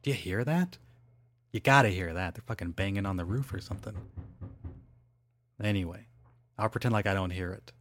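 A man's voice: deep voice, brisk, pauses often, a bit bright, slight background noise. A man hosting a solo podcast, chatting casually in a rambling, digressive way with lots of fillers and self-corrections. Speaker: podcast host.

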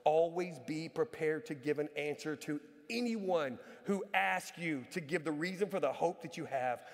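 A middle-aged man preaching a sermon as a pastor, lively and joking as he tells personal stories. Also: a little high, moderate pace. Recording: reverberant hall.

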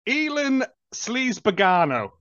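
A man's voice: very high-pitched, big pitch swings, unhurried, fairly bright tone, highs cut off. A man co-hosting a casual podcast, teasing and joking in banter. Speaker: podcast co-host. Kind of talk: casual chat.

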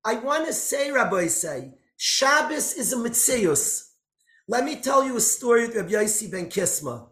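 A man's voice: very high-pitched, big pitch swings, normal speed. Impassioned man preaching in an echoey room. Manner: dramatic, swings between loud outbursts and hushed lines. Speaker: speaker giving a religious talk. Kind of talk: impassioned storytelling sermon.

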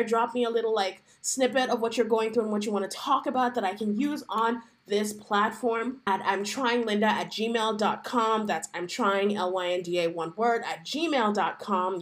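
A woman in her thirties hosting a solo podcast, talking in a chatty, wry way and laughing often. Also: fairly high pitch. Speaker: podcast host.

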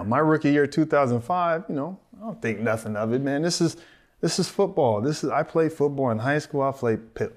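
A man in his thirties, a podcast co-host and former football player, telling an animated story, acting out the voices of the people in it and laughing often. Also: medium pitch.

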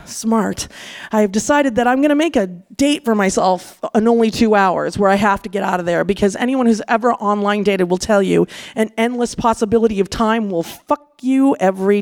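A woman from California tells a personal story in a frank, profane, animated way. Her voice sits a little on the high side. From California, USA.

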